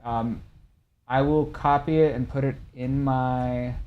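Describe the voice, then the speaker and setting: A young man streams live, chatting casually with viewers and reacting animatedly, his volume swinging from loud to soft. His mid-range voice is smooth with fairly even intonation and a slow pace, though the audio sounds dull.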